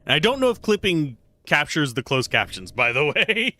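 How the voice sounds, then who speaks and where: A man's voice: fairly high pitch, big pitch swings, moderate pace, sharp tone, no room sound. A man streaming a game live, playfully reading dialogue aloud and joking about it.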